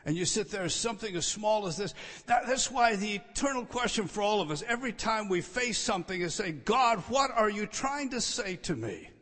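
Guy preaching a sermon, kinda high voice, repeats stuff for emphasis, goes loud then quiet, big hall echo. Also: expressive, moderate pace, few pauses. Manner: emphatic, repeats key phrases, swings from loud to hushed. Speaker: pastor. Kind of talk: expository sermon.

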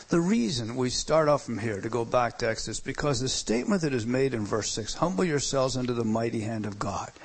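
Emphatic male pastor preaching. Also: medium pitch. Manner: emphatic preaching, swings between loud and soft. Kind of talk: sermon.

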